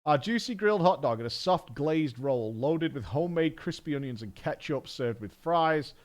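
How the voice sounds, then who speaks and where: Animated man chatting on stream. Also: a little high, moderate pace. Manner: rambling, swears casually, reads a menu aloud with asides. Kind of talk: casual chat while gaming.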